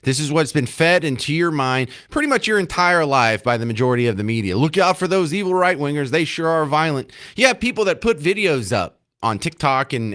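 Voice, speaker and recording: A man's voice: medium pitch, a bit bright. A man hosting a talk radio show, delivering a sarcastic, combative opinion monologue from a studio.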